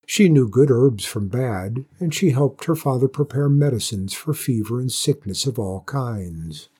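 A man reading a folktale aloud in a measured, gentle storytelling manner. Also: medium pitch, expressive, husky. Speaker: narrator.

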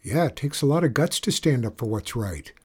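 A man's voice: mid-range voice, lively intonation, fairly quick, husky. A man voicing an easygoing, friendly middle-school boy. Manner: easygoing, eager.

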